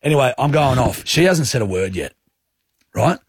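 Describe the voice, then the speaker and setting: A man's voice: mid-range voice, moderate pace, breathy edge, no echo, clean studio sound. An Australian man hosting a radio show, telling a story animatedly in casual banter and acting out what he said. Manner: animated storyteller acting out his own quotes. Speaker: radio host. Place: radio studio. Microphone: studio mic.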